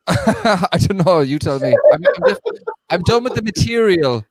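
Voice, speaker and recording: A man's voice: sits high, wildly swooping pitch, measured pace, a little mellow, no echo. Young guy doing standup over a video call, rambles and trips over words, dry close sound. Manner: rambling, self-deprecating, stammering restarts. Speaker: stand-up comedian. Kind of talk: online stand-up set and casual chat.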